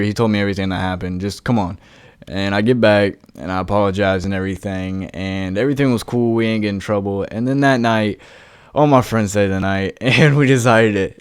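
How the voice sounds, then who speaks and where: A man's voice: on the low side, clear, resonant tone, no room sound, clean studio sound. Laid-back, profane young man telling a story. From West Virginia. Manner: loose, profane and laid-back, acting out quoted voices. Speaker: vlogger. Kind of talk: casual storytelling.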